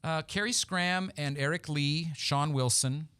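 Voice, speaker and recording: A man, a theater company guest on a radio show, talking chattily with many pauses, fillers and laughs. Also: fairly high pitch, fairly bright tone, clean tone. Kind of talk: casual interview chat.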